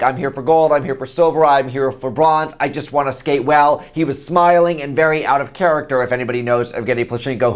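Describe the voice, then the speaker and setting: A man talking unscripted to camera, chatty and opinionated, giving animated commentary. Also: on the high side. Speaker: vlogger.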